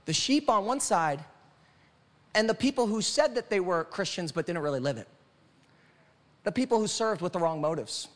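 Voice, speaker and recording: A man's voice: high voice, animated, normal speed, pauses often. A male pastor preaching a sermon in a church, building rhythmic lists and asking the congregation questions.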